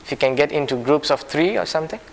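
A man leading a small discussion group, talking in a soft, apologetic way with many restarts. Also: a little high, quick pace, creaky. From a warm-climate country. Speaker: discussion leader. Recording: background noise.

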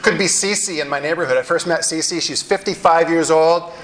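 A middle-aged male pastor telling stories in a sermon, animated and wryly self-deprecating. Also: on the high side, normal speed, a little hiss or hum, low-quality recording. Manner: animated storyteller with wry self-deprecating humor. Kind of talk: sermon storytelling.

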